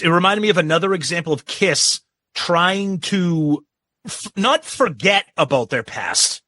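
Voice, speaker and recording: A man's voice: fairly high pitch, fairly bright tone, dry recording. A man co-hosting a podcast in casual chat, often restarting his words and talking emphatically. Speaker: podcast co-host.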